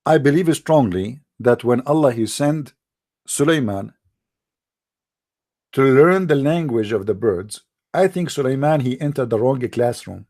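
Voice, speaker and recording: An actor playing a boastful, rambling mock preacher with an Arabic accent, in a satirical livestream monologue. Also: male voice, mid-range voice, animated, unhurried, a little mellow. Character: mock-pompous self-styled male preacher, middle-aged.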